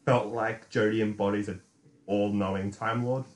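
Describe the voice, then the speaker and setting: A man's voice: lowish voice, fairly even intonation, moderate pace. An eager man co-hosting a casual chat, circling back and repeating himself as he builds his point. His voice carries a noticeable room echo. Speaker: podcast co-host. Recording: roomy, echoey sound.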